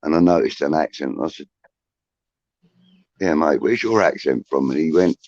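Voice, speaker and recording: A man's voice: a bass voice, animated, moderate pace, darkish tone, dry recording. A man near sixty with a Liverpool accent, hosting a casual video-call chat and telling a rambling, sweary story full of restarts. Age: 50s. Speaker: host. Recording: dull lo-fi sound.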